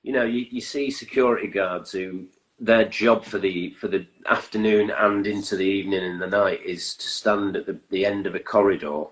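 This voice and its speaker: A man talks as a guest in a low voice. He is relaxed and easygoing, with a dry sense of humour. His chat is loose and conversational. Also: normal speed, poor audio. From England, Stockport and York. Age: 50s. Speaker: musician guest. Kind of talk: casual interview chat.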